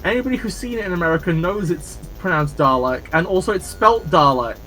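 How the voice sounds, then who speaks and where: Animated, high-voiced male streamer. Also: fairly quick. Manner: animated, teasing, swears freely. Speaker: streamer, host. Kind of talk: casual gameplay chat.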